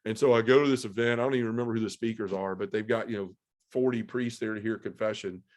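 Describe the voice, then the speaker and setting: Brief: middle-aged man, earnest and candid, telling his own story as a guest, lowish voice. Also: steady tone, fast talker. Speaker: podcast guest. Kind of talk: personal testimony storytelling.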